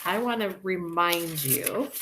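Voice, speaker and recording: A woman teacher leading a reading lesson for young children, talking slowly and clearly in an encouraging way. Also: fairly low pitch, expressive, background noise. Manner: slow, clear and encouraging, sounding out words.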